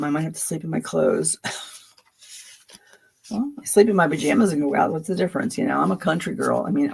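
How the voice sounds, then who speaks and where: Gravelly, husky woman in her seventies. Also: low voice, a little mellow. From Philadelphia, USA. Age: 70s. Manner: chatty, rambling, laughs often. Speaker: tarot reader hosting a livestream. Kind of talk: casual livestream chat.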